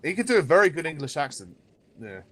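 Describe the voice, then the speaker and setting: A man's voice: a little high, big pitch swings, fast talker, a bit bright, no echo. A young man in a casual chat, playfully asking others for impressions.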